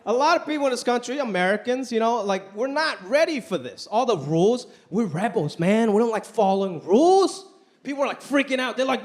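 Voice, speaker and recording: A man performing a stand-up comedy routine on a club stage, talking in an animated way and acting out the voices he quotes. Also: extremely high pitch, fairly quick. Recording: live club recording with crowd noise. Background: audience laughter.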